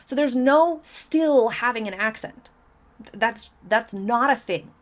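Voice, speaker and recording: Emphatic woman vlogger, fairly high voice. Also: expressive, slow pace. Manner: emphatic, incredulous, repeats points for emphasis. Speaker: commentary vlogger. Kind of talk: opinionated commentary.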